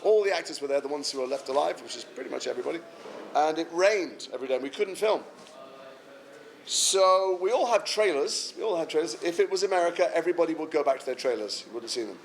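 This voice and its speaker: An English man, an actor answering fan questions at a convention panel, telling animated, self-deprecating stories. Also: a little high, fast talker, creaky, slight background noise. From England. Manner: animated anecdotal storytelling, self-deprecating humour.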